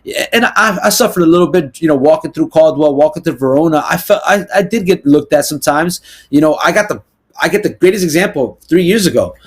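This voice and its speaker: Podcast guest: young New man, slightly raised pitch, rambling and animated, peppers talk with asides. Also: breathy edge. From New Jersey, US. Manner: animated, talks in quick bursts with many "you know" and "right?" asides. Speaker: podcast guest, real estate agent. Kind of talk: casual interview storytelling.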